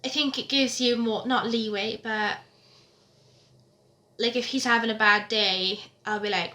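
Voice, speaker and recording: A young woman chatting on her vlog, her voice bright and sharp and a touch high. She tells stories in a giggly, easygoing way, and the room around her rings with echo. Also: steady tone, measured pace, long pauses. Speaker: vlogger. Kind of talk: casual chat. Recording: echoey room.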